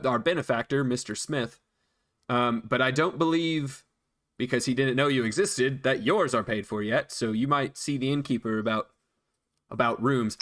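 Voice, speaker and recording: A man's voice: medium pitch, a bit bright, close to an everyday voice. A man voicing an earnest male monk who speaks stiffly and formally.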